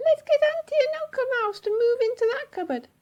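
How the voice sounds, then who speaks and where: A woman voicing a small, fretful mother mouse in a storybook tale, with a squeaky voice and quick, anxious chatter. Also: expressive, a little mellow. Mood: eager. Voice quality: squeaky, very high.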